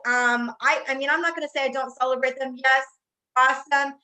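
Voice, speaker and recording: A woman's voice: sits high, steady tone, normal speed, sharp tone, poor audio. An older woman giving a motivational talk on building a sales team, telling personal stories with emphatic repetition. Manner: emphatic, storytelling, repeats phrases for effect. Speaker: network marketing speaker.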